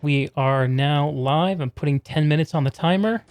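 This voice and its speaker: A man's voice: on the high side, moderate pace, a little mellow, no echo. A man hosting a live stream and commentating a competitive video game match, chatty and upbeat, calling the viewers "y'all".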